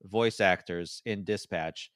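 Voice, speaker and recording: A man's voice: sits low, slow pace, no room sound, clean studio sound. A man co-hosting a gaming podcast in casual chat, rambling with many fillers and restarts. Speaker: podcast co-host.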